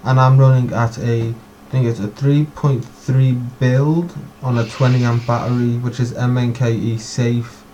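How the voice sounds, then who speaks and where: A man's voice: medium pitch, level tone, a little slow, few pauses, mellow, a little hiss or hum, rough recording. A man hosting a casual stream chat, talking in a rambling, profane way. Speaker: host.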